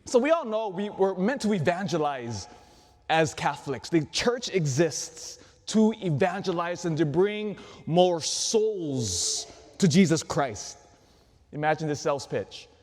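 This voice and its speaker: Lively priest preaching in a reverberant church. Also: male voice, a little high, unhurried. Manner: animated preaching with rhetorical questions and laughs. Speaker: Catholic priest. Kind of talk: sermon. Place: large church.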